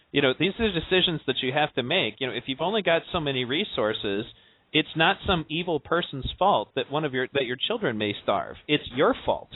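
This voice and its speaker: A man's voice: fairly high pitch, animated, a little fast, no room sound. Man talking on a tinny phone line. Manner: sarcastic, many fillers. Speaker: podcast host. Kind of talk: casual conversation.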